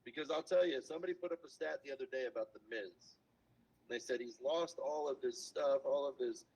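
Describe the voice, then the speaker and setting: A man talking as a podcast guest in a casual storytelling chat, animated and acting out quotes in different voices. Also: medium pitch, slightly rough. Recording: dull lo-fi sound.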